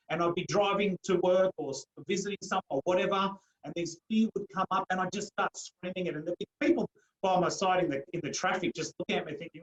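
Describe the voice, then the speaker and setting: Earnest man, slightly high voice. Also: brisk. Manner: earnest, emphatic, repeats phrases with growing force. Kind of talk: personal storytelling in a podcast interview. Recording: roomy echo.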